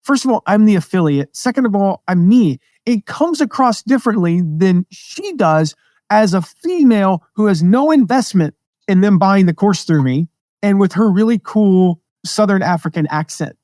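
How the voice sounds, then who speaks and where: Energetic American man, slightly high voice. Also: normal speed, no room sound, clean studio sound. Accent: mostly neutral American. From American Midwest and South. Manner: energetic, conversational, jumps into quoted voices. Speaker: podcast host, affiliate marketing teacher. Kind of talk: casual teaching monologue.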